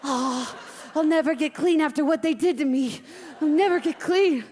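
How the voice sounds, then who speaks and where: A woman's voice: high voice, lively intonation, a little slow, long reverb tail. A woman voicing a tough, bitter female hamster who bosses the new cage mate, snarling and threatening. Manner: snarling, threatening, prone to sudden yelling.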